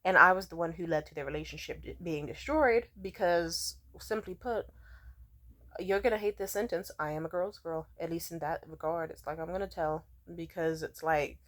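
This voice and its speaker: A woman's voice: fairly low pitch, moderate pace, fairly bright tone. A young woman ranting casually into her phone, blunt, profane and sarcastic. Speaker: vlogger. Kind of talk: casual rant to camera.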